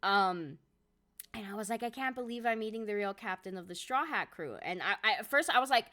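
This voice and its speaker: Bright, excitable young woman streamer. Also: medium pitch. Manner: excitable, swears a lot, quick laughs. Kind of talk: casual live-stream chat.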